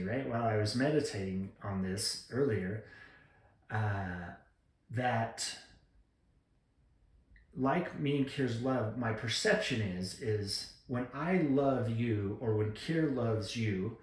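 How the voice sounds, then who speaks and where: A man talking to the camera in a reflective gratitude vlog, earnest and rambling, with many ums and restarts. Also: mid-range voice. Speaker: vlogger. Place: room at home. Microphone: camera mic. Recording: echoey room.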